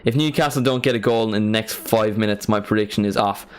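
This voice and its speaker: Low-voiced young man reacting to football. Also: fast talker, smooth. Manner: casual, chatty, bursts into excited reactions. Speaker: streamer hosting a match watchalong. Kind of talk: live football watchalong commentary.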